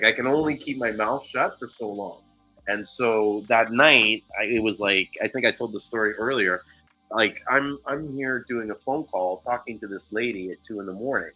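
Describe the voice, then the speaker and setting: A man's voice: medium pitch, pushed and bright, breathy edge, low-quality recording. A man hosting a casual chat show who tells a heated, profane story. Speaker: podcast host.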